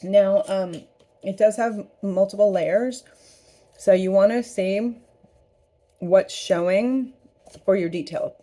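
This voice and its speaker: A woman's voice: mid-range voice, slow, long pauses, mellow. A woman hosting a casual craft painting tutorial, chatty and upbeat as she works. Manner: chatty, upbeat, talks while eating. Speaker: craft studio host.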